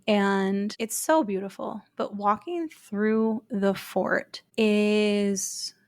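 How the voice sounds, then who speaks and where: A woman's voice: medium pitch, extremely slow, darkish tone, no room sound. Emphatic woman podcast co-host. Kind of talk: casual chat.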